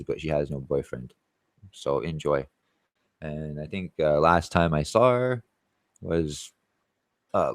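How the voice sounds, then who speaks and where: A man's voice: a bass voice, dry recording, clean studio sound. A man, a tree-cutting contractor, tells a rambling, boastful story in a casual vlog, swearing constantly.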